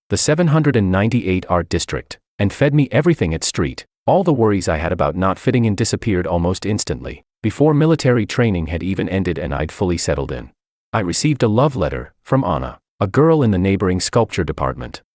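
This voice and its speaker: A young man narrating a first-person story in a calm, matter-of-fact way. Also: low-pitched, dry recording, clean studio sound.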